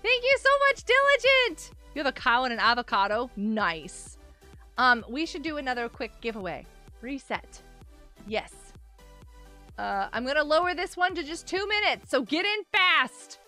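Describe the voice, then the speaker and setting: A woman's voice: sits high, moderate pace, sharp tone, faint music behind. A woman live streaming and chatting with her viewers in a bubbly, giggly way while nursing a headache. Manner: bubbly, giggly, talks to chat. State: has a headache.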